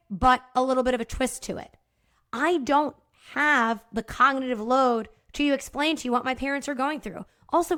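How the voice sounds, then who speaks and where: On her solo podcast, a woman with a highish, fairly bright voice speaks openly and casually. She curses occasionally, keeps asking "right?", and is sometimes choked up.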